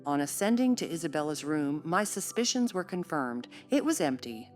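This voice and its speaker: A woman narrating a classic novel in a measured, steady storytelling voice. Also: low voice, faint music behind. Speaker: audiobook narrator.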